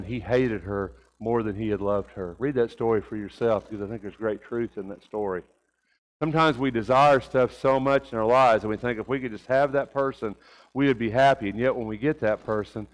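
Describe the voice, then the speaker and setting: A man preaching a sermon to his congregation in a folksy manner, asking them rhetorical questions. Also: medium pitch. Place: church sanctuary. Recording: long reverb of a church hall.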